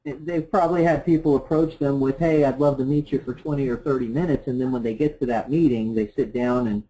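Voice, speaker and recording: Man with a warm mellow voice. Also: mid-range voice, steady tone, fairly quick, hardly any pauses, low-quality recording. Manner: chatty, agreeing and adding examples. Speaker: co-host of training class. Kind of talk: conversational class discussion.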